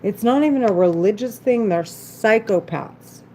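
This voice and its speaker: A woman's voice: mid-range voice, lively intonation, measured pace, darkish tone, a little hiss or hum. A woman vlogger talking to camera in an agitated, repetitive, rambling monologue. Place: at home, doing her makeup.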